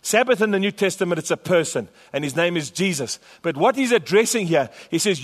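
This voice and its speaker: A man's voice: high voice, animated, brisk, hardly any pauses, a bit bright. A man pastor preaching a sermon to his church, emphatic and repetitive. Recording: long hall reverb.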